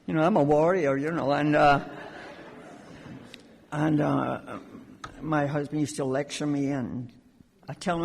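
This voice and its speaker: A woman's voice: deep voice, fairly even intonation, measured pace, vocal fry, long pauses, darkish tone, slight background noise. A woman from Scotland tells her own recovery story to a gathering, joking at her own expense with a wry edge. Her voice carries through a large conference hall with a long, lingering reverb. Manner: wry, self-mocking humor. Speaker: AA speaker sharing her story.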